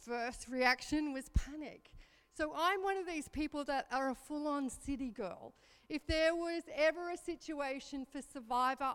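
She's in her fifties, high-voiced and smooth, laughing at herself through a story in a chatty church talk. When the panic part comes she turns animated, all of it echoing in a reverberant hall.

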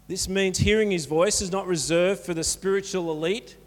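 A man with a high voice and steady tone preaches a sermon as pastor at normal speed. He sounds earnest and encouraging, keeping things conversational. The church hall adds reverb to the recording.

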